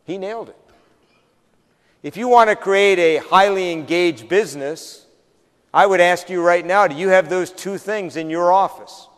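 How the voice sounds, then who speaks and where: Man from the northern US, anecdotal keynote speaker with dry wit; slightly high, echoing hall. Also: moderate pace, clear, resonant tone. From northern United States. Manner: anecdotal, acts out dialogue with dry humor. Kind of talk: storytelling keynote.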